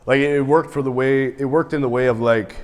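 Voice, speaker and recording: A man's voice: mid-range voice, steady tone, brisk. Man, podcast guest, swearing, laughing storyteller, lingering reverb. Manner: profane, laughs mid-story, acts out quotes. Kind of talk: casual storytelling chat.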